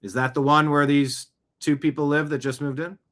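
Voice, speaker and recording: A man's voice: fairly high pitch, flat delivery, normal speed, a bit bright. A man hosting his own show, giving opinionated news commentary full of indignant rhetorical questions. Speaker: show host.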